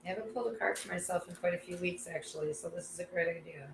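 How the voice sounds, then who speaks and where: A woman's voice: lowish voice, fast, gravelly, roomy sound, a little hiss or hum, rough recording. A woman hosting a casual live class, effusive and gushing, laughing often. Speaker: intuitive class host.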